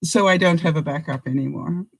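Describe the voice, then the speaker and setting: A woman's voice: sits low, brisk, vocal fry, slightly rough, rough recording. An older woman hosting a casual live-stream chat, talking straight to her viewers and laughing often. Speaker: vlogger host.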